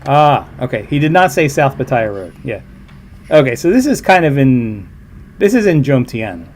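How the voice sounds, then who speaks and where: A man talks casually to his stream viewers from his computer. His commentary rambles, with fillers and side remarks, at an ordinary middle pitch. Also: sing-song, moderate pace, a little hiss or hum. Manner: rambling, chatty, with fillers and asides. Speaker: livestream host reacting to a video.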